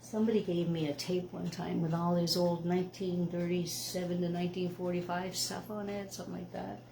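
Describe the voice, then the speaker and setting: A tired woman from Canada, chatting casually between songs as host of a music show, laughing easily and sometimes hushing her voice. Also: fairly low pitch, level tone, a little fast, vocal fry, slight background noise. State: tired from lack of sleep. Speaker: musician hosting a live show.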